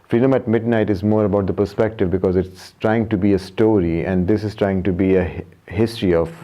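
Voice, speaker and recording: Deep-voiced young man, rambling casual vlog. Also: fairly even intonation, a little fast. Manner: rambling, self-correcting, frequent fillers. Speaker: vlogger. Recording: muffled low-fidelity audio.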